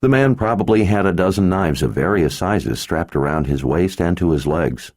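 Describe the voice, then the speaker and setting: Deep guy narrating a fantasy audiobook, lots of pitch movement. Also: expressive, normal speed, darkish tone, no room sound, studio quality. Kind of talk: scripted narration.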